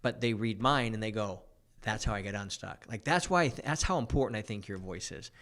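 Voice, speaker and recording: A man hosting a podcast, chatting casually and excitably, often saying dude. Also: on the low side. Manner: excitable, fast bursts, says dude a lot. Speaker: podcast host. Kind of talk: casual chat.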